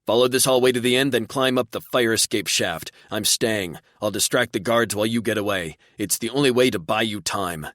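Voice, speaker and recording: A man's voice: fairly low pitch, fairly quick, few pauses, fairly bright tone, no room sound, clean studio sound, voice pushed up, lightly acted. A man doing a defiant, joking alien warrior. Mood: resolute. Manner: raised, urgent.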